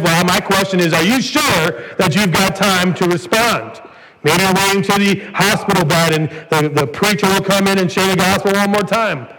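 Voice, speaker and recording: A man's voice: sits high, normal speed, pushed and bright. A man preaching a sermon as pastor, earnest and building to emphatic peaks. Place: church sanctuary. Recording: church hall reverb, faint noise.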